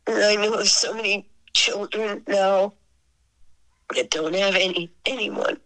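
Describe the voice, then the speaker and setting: A woman in her sixties with a Boston accent, a singer telling stories as an interview guest, sentimental and quick to laugh. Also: mid-range voice, a bit bright, poor audio. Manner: laughs often, sentimental, sarcastic wit. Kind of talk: emotional storytelling.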